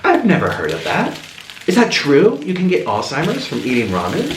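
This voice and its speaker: A man's voice: on the high side, moderate pace. A young man hosting an eating video, telling stories in a chatty, rambling way while he eats, recorded on a camera mic. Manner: chatty, animated storytelling, rambling asides. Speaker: mukbang host. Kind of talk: casual chat while eating. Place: room at home. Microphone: camera's built-in mic, no separate mic. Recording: echoey room with faint hiss.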